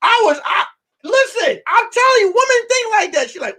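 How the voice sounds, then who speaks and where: High-voiced, lively comedian ranting. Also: male voice, moderate pace. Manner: animated, profane, repetitive storytelling. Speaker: comedian host. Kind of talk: casual live-stream rant.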